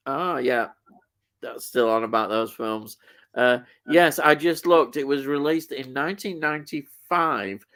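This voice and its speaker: A male live-stream host talks slowly, his pitch rising and falling a lot. He muses aloud and laughs often through easy, casual chat. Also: clear, resonant tone.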